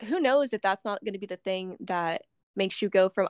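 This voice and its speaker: A woman's voice: medium pitch, fairly quick, smooth, dry recording, studio quality. A woman hosting a podcast interview, chatty and emotional, laughing often as she shares her story. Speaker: podcast host. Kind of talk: casual interview chat.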